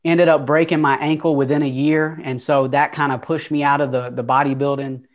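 A man's voice: fairly high pitch, little pitch movement, brisk, dull audio. A man in his twenties from Atlanta with a Southern accent, telling his life story earnestly as an interview guest. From Atlanta, USA. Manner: open, earnest, conversational with fillers.

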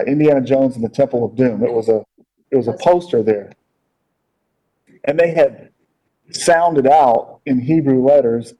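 A man teaching a casual Bible class, talking in a halting way with many fillers and repeated words, on a dull lo-fi recording. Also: medium pitch, dark tone.

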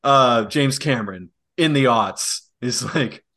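A young man co-hosting a casual podcast, animated and profane, laughing often and mimicking voices. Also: medium pitch, slow. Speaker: podcast co-host.

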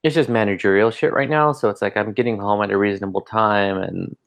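A man's voice: on the low side, steady tone, a little fast, gravelly. A man co-hosting a podcast in casual chat, telling loose, profane stories full of fillers. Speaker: podcast co-host, school principal.

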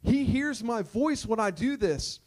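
A man's voice: very high-pitched, animated, unhurried, darkish tone. A male pastor delivering a conversational sermon, emphatic and full of repeated rhetorical questions.

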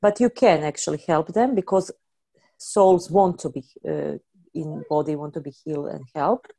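A woman energy healing practitioner speaking in halting, non-native English, restarting and repeating words as she explains and practises healing statements. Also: deep voice, steady tone, gravelly, dark tone.

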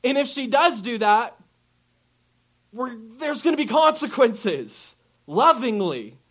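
A man in his thirties, a pastor preaching a sermon to his congregation, calling out to them and moving between slow, soft emphasis and loud, lively storytelling. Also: very high-pitched. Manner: animated preaching, asking the congregation for responses.

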